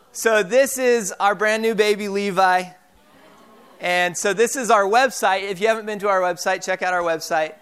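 A young man preaching with a high, smooth voice. He talks casually, full of fillers and restarts, like a pastor telling stories. The voice stays clear throughout. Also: fairly bright tone. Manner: casual storytelling with frequent fillers. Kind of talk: sermon.

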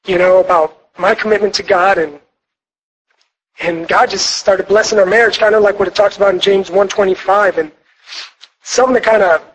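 A young man with a notably high voice tells his story to a retreat audience. He is earnest and rambling, restarting sentences and leaning on fillers as he speaks. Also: fairly even intonation, moderate pace, breathy edge, low-quality recording. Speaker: speaker sharing his testimony at a marriage retreat. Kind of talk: personal testimony talk to an audience. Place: church retreat hall.

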